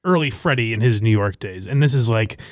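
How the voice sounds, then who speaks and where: A man's voice: fairly low pitch, animated, brisk, no room sound, clean studio sound. A man hosting a podcast in casual chat, rambling with fillers, swearing and laughing. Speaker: podcast host.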